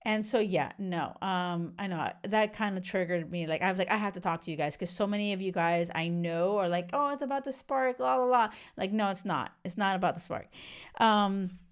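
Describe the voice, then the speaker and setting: A woman's voice: lowish voice, normal speed, smooth. A woman in her thirties hosting a podcast, giving a casual, blunt recap of a reality show with swearing and sudden bursts of laughter. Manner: animated, blunt and swearing, swinging between laughs and earnest. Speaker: podcast host.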